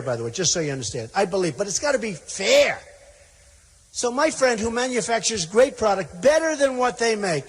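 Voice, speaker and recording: Man, high-pitched, rally speaker, rambling and repetitive storyteller, reverberant hall. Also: slightly rough. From United States. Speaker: political candidate at a rally. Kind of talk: rally speech. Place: large indoor rally venue. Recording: long hall reverb, faint noise.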